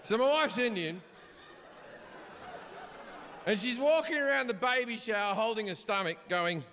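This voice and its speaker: Brash, profane middle-aged comedian. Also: male voice, high voice, animated, a little slow, pushed and bright. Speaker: stand-up comedian. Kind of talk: stand-up comedy set. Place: comedy stage before a live audience. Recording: live hall reverb, audience noise.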